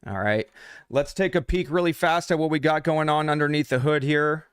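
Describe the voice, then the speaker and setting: A man with a slightly high voice, speaking at normal speed in a smooth tone, teaches trading on a live stream. He's casual and swears freely, talking straight to his viewers in chat. The recording is dry and studio quality.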